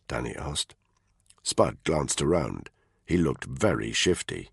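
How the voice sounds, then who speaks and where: A man narrates a thriller audiobook in a very deep, gravelly voice with a husky grain. His reading is steady and measured but lively in pitch. The sound is dry and close. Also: no room sound. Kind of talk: scripted narration.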